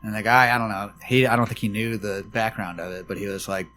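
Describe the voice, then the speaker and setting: A man's voice: lowish voice, steady tone, fast, hardly any pauses, bright, forceful tone, a little hiss or hum. A man in a casual podcast chat, telling stories in an easygoing, rambling way.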